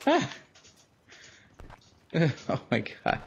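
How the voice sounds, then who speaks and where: A man's voice: mid-range voice, expressive, normal speed. Young man, gaming commentary, playful sing-song chanting, faint hiss behind. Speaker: gaming channel host. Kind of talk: casual gameplay chat.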